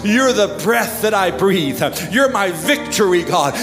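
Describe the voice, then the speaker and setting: Male preacher, high voice, impassioned sermon, hushed to shouted prayer, live music behind. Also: animated, normal speed, few pauses. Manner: fervent, shifts between hushed and shouted prayer. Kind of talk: impassioned altar-call sermon. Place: church service. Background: musicians playing.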